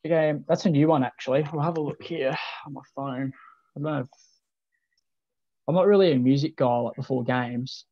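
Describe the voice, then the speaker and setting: A young Australian man in his late teens, a junior footballer chatting casually as a guest, relaxed and full of ums and restarts. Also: fairly high pitch, normal speed, dry recording. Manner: laid-back, many ums and restarts. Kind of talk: casual interview chat. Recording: dull lo-fi dry recording.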